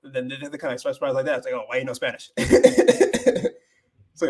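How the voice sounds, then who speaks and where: Hosting an easygoing livestream, a young American whose mother tongue is English mixes in Spanish, stumbling through many fillers and false starts. He speaks at a normal speed in a mid-range voice that is darkish and slightly rough.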